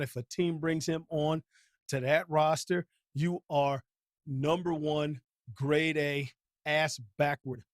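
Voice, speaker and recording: Hosting a live stream on his channel, a man rants about sports in a heated, blunt way, using heavy slang and repeating himself. His voice is mid-range, and the recording is clean studio sound with no room noise.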